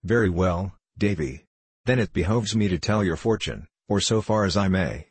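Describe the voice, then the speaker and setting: A man voicing an elderly, kindly, preachy country minister in a storybook reading, speaking in a solemn, measured, old-fashioned way. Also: sits low, expressive, slightly rough, no room sound. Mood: earnest counsel.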